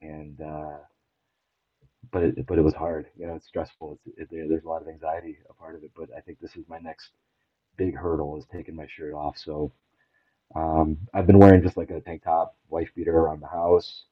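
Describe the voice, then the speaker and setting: A middle-aged man with a very deep voice talks earnestly and haltingly, restarting his sentences often. His voice comes through a thin, phone-like line with no room sound at all. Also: flat delivery, breathy edge, no echo. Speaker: podcast guest. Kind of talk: candid personal conversation. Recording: tinny phone-like line, dry.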